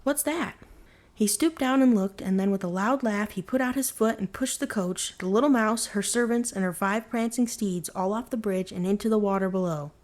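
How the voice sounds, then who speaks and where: A woman reading a folktale aloud as a bedtime story, in a calm, even storytelling manner. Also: medium pitch, brisk, hardly any pauses.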